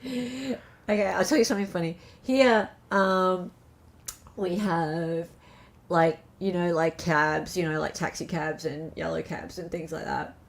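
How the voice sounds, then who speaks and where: A woman's voice: fairly low pitch, a little slow, gravelly. A woman hosting a live stream, chatting casually and reading out viewer comments. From Australia. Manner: chatty, reads viewer comments aloud, lots of fillers.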